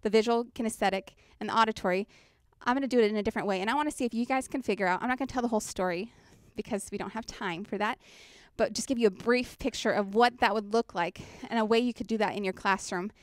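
A woman's voice: mid-range voice, fast, few pauses, no room sound, clean studio sound. A woman presenting a children's ministry workshop, chatty and engaging, often checking in with her audience on a handheld mic. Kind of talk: workshop teaching. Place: conference workshop room.

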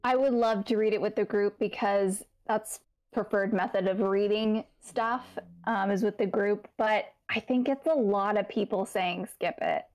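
A woman co-hosting a casual book club livestream, thinking aloud with pauses and ums. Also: mid-range voice, steady tone, a little mellow.

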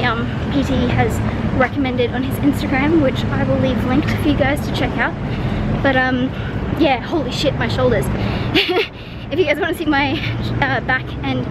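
A young woman chatting casually in a vlog, rambling and swearing offhandedly, sounding tired. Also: sits high. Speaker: vlogger.

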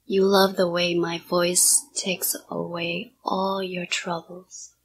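Woman hypnotist, whispered role-play: low, flat, breathy delivery of soft, repetitive commands. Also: takes it slowly, slight background noise.

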